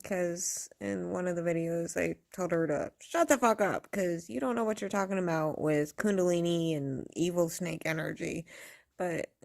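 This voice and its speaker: A woman's voice: lowish voice, fairly even intonation, normal speed, gravelly, darkish tone. A woman vlogger ranting casually to camera, blunt and profane, rambling and laughing often.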